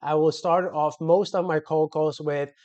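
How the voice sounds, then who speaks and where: Mellow-voiced man giving casual sales tips. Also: on the high side, steady tone, unhurried. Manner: loose and conversational, many fillers and self-corrections. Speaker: sales coach. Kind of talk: casual instructional talk to camera.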